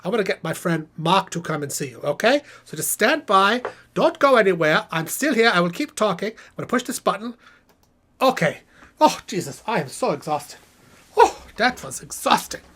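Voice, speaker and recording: A man's voice: high voice, moderate pace, breathy edge, full character voice. A man voicing a theatrical, self-important male puppet professor hosting a live stream Q&A, rambling and breathless. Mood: weary. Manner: animated, theatrical, rambling asides. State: out of breath, exhausted. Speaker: puppet host.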